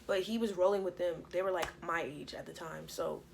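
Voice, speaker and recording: Young woman vlogger, casual profane storyteller, animated delivery. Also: fairly low pitch, fairly quick, creaky, noisy background. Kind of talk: storytime vlog.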